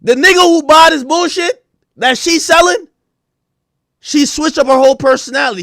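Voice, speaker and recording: A man streaming live, ranting to his chat in a crude, animated way that bursts into shouting. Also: very high voice, moderate pace, pauses often, dry recording, studio quality.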